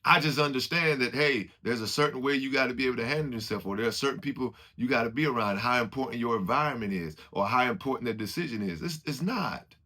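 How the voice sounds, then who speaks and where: A man's voice: mid-range voice, fast, few pauses, bright, forceful tone. A man giving an informal, preachy motivational talk, acting out what other people say as he goes. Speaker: motivational speaker.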